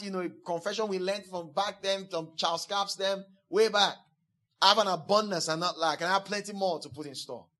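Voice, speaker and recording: A pastor preaches a sermon emphatically in a high-pitched, fairly bright voice, repeating key phrases over and over. He acts out quoted speakers in a playful voice.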